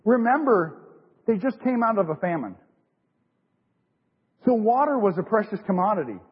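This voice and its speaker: A man's voice: high-pitched, sing-song, moderate pace, husky. A middle-aged man preaching an informal church sermon, folksy and repetitive, with many fillers and restarts. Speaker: lay preacher. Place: church sanctuary. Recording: dull lo-fi recording in a big reverberant hall.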